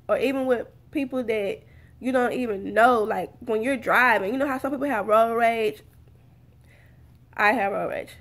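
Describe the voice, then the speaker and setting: A woman with a slightly high voice talks straight to her viewers, earnest and a little repetitive. She speaks in a loose, casual way and keeps calling them "you guys.". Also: moderate pace. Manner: acts out heated and calm exchanges. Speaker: vlogger giving advice. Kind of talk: casual talk to camera.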